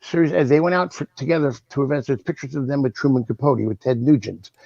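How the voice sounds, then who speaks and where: A man in his sixties spins animated anecdotes as a guest, slipping into the voices of the people in his stories. His voice sounds close and dry, with no room around it. It comes through the muffled, lo-fi sound of a video call. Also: mid-range voice, fast talker, gravelly, no room sound. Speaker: guest, original cast member. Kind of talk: anecdotal storytelling.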